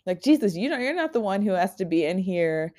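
A woman in her twenties hosting a podcast, talking in a raw, candid personal monologue that is full of halting restarts and frank swearing. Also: medium pitch, sing-song, a little mellow. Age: 20s. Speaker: podcast host.

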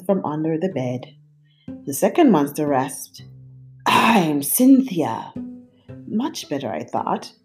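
Woman reading a picture book, slow and lively. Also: fairly low pitch. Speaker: storyteller. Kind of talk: picture-book read-aloud.

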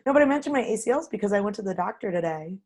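A woman's voice: medium pitch, lively intonation, very fast, a little mellow. A woman in her thirties co-hosting a casual podcast, bubbly and giggly, sounding a little tired. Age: 30s. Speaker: podcast co-host. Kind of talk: casual chat.

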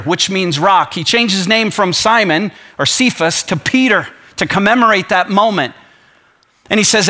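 An impassioned male pastor delivers a sermon in a high, bright voice. His tone is forceful and tense, and it builds in fervor as he reads scripture aloud. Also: fairly quick.

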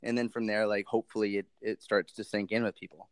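A man speaking as a podcast guest on nutrition, animated and rambling with many restarts. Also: on the low side, fast talker, no echo. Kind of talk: casual interview chat.

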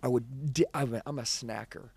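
A man's voice: mid-range voice, fairly even intonation, normal speed, gravelly, darkish tone, husky, no echo. Intense preachy man in his forties. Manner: intense, preachy, emphatic storytelling. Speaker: sales trainer. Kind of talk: motivational talk.

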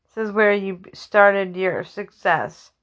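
A woman's voice: medium pitch, slow pace, a bit bright. A woman voicing a cheerful, theatrical male bartender who acts as a spirit guide. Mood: cheery.

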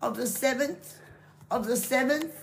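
A woman's voice: high voice, measured pace, vocal fry, a little hiss or hum. A woman chatting casually, blunt and sweary. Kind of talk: casual chat.

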